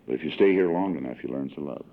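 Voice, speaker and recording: Rumbling low and fast, a man in his sixties from Southern California tells his heartfelt story at a recovery meeting, building to emotional swells. The recording is a tinny, lo-fi archive tape from 1982.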